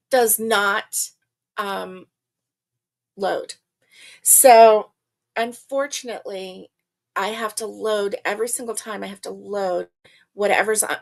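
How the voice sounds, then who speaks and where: Older woman, livestream host, casual chat, slow unhurried pace, slightly high voice, laughs often, greets viewers by name.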